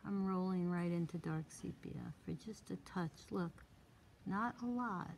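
A woman with a low, gravelly voice leads a live drawing class, talking her way through each stroke. She coaxes the room with short repeated cues and quick asides, and a faint hiss sits behind her. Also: a little mellow. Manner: thinks aloud while working, coaxing, repeats short cues. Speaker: drawing instructor. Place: classroom with a small audience.

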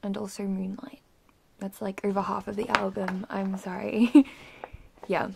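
A young woman gushes and rambles through an album unboxing, now and then dropping into a breathless whisper of awe. Her mid-pitched voice carries a gravelly fry, and a faint hiss sits under the home recording. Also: flat delivery, unhurried. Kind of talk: excited unboxing chatter.

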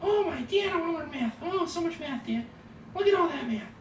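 A man's voice: very high voice, lively intonation, brisk, far from the mic, pitched above the performer's own voice. Brief: a cheerful young tomcat, gushing and childlike, as a man puts him on, in a roomy room with faint hum. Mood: eager. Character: cheerful young male pet cat, eager.

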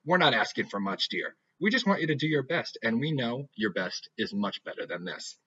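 A man's voice: mid-range voice, big pitch swings, moderate pace, pushed and bright, slightly rough, full character voice. A man voicing a menacing mother who talks with a creepily sweet tone. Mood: sickly sweet. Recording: dull lo-fi recording.

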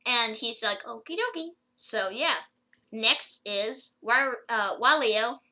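A woman's voice: a little high, slow pace, pushed and bright, poor audio. A woman rambling casually through a gameplay video, with lots of fillers and restarts as she comments. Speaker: gaming video creator.

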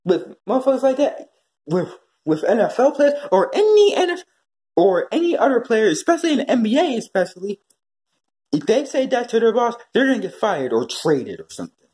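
A man ranting profanely in a commentary vlog, swinging between high yelling and low muttering. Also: very animated, brisk. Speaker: commentary vlogger.

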